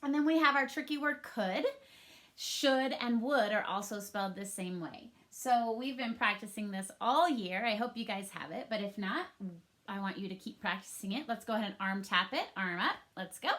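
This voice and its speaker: A woman's voice: medium pitch, moderate pace, a bit bright. A young woman teaching a recorded phonics lesson to young children at home, upbeat and patient, talking straight to the kids.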